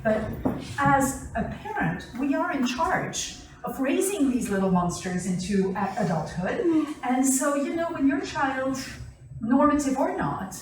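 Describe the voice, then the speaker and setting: Woman teaching a class, kinda high voice, acts out the quotes and laughs a lot, sounds far off in a big echoey room. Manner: animated, acts out quotes, laughs often, keeps asking "right?". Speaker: family skills class teacher.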